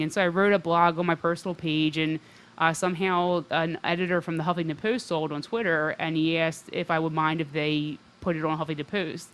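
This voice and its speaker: A woman's voice: sits low, steady tone, a little fast. A woman talking as a guest on a radio interview, recounting her experiences and advocacy in a chatty way with lots of "like" and "um". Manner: chatty, fills speech with "like" and "um". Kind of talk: conversational interview.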